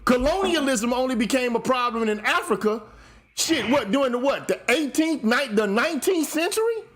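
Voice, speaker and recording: A man's unusually high voice carries a lively, rising-and-falling delivery. He lectures in an emphatic, heated monologue, swearing freely as he hosts. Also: normal speed. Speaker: show host.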